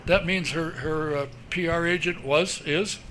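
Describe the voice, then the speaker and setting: A man's voice: fairly high pitch, fairly even intonation, unhurried, bright, forceful tone, slight background noise. A man hosting a radio show, chatting with a guest in a teasing, folksy way. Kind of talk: casual interview chat.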